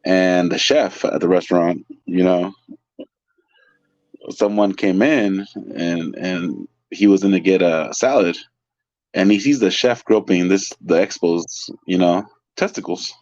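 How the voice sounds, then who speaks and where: A low-voiced man from California tells restaurant stories as an interview guest, rambling and excitable with plenty of fillers. The sound is dry and close, with a slightly dull, muffled quality. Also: measured pace, no room sound. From California, San Francisco Bay Area. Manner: chatty, loose, lots of fillers and restarts; excitable, laughs through stories. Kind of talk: casual storytelling.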